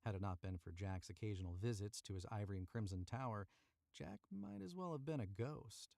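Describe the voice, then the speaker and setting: A man's voice: fairly low pitch, expressive, fairly quick, gravelly, darkish tone, no room sound, studio quality. A man reading a story aloud on a live stream from a cramped booth, chatting to viewers and redoing lines he stumbles on. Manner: chatty, self-correcting, retakes lines. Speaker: voice actor narrating a story.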